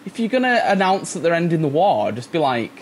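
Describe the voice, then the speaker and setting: A man's voice: a little high, big pitch swings, a little fast, slight background noise. Brief: male podcast co-host, wry and rambling, casual chat.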